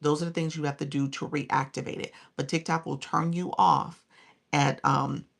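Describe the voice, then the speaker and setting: A woman's voice: low voice, level tone, moderate pace, creaky. A woman in her forties coaching viewers on a live stream, emphatic and chatty, thanking people by name and laughing often.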